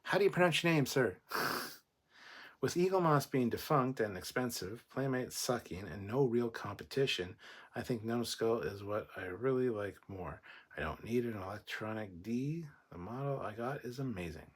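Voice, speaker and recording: A man's voice: lowish voice, lively intonation, unhurried, breathy edge. A man hosting a casual livestream, reading viewer comments and rambling into profane rants. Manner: rambling, swears freely, goes off on rants. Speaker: host.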